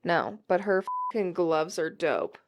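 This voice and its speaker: Co-host, woman, relaxed casual chat, salty language. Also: lowish voice, measured pace, lo-fi sound. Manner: casual, swears freely. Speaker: reaction video co-host.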